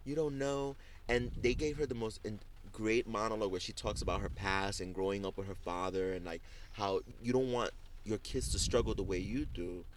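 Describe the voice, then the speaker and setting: A man hosting a casual talk show, recapping TV scenes as an animated storyteller who acts out the quotes and leans on "like". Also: on the low side, brisk, slight background noise. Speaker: show host.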